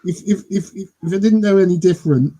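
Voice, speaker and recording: Man on a video call, warm husky voice, teasing, keeps repeating words. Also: high voice, fast talker, rough recording. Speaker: co-host. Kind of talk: casual chat on a video call.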